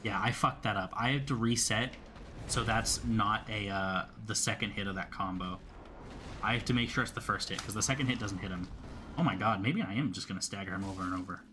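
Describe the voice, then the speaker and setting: A man's voice: lowish voice, brisk, noisy background. A young man giving casual gameplay commentary, rambling, swearing freely and talking back to the enemies he fights. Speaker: gameplay streamer.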